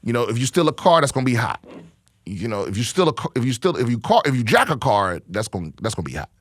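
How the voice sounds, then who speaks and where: A man's voice: medium pitch, big pitch swings, fast, no echo, clean studio sound. A man hosting a podcast, delivering a profane, rambling comic rant in a casual monologue. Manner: rambling, restarts often. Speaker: podcast host and comedian.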